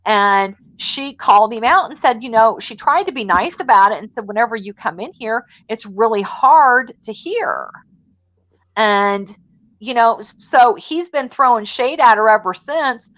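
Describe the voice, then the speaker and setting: A woman's voice: a little high, animated, a little slow, fairly bright tone, dry recording, lo-fi sound. A woman hosting a livestream panel in a casual, gossipy chat, throwing shade and laughing often.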